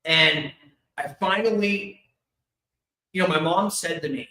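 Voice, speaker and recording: Bright-voiced man telling his story, echoey hall. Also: fairly high pitch. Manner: open, emotional, quick bursts of humor. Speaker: speaker sharing his life story. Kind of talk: candid personal storytelling to an audience. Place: event hall at an expo.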